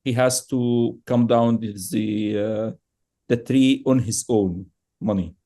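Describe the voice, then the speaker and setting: A man's voice: mid-range voice, slow. A man giving political commentary on a podcast, emphatic and at times heated, with frequent fillers and restarts. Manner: emphatic, grows heated and animated. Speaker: podcast guest analyst.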